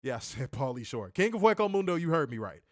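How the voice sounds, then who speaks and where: A man co-hosting a casual livestream, loud and joking. He swears freely, laughs often and swings from shouts down to mutters. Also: medium pitch, big pitch swings, fast talker, dry recording, clean studio sound. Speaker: livestream co-host.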